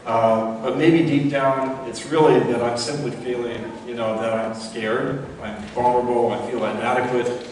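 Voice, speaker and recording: A man preaching to a congregation in a relaxed, conversational way, full of asides and questions. He is recorded from a distance in a church sanctuary, so his voice rings with a long, roomy reverb. A faint hum of the room sits behind him. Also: normal speed. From Florida. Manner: conversational, rises in pitch when acting out voices in a story. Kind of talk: sermon. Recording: echoey church hall from far off.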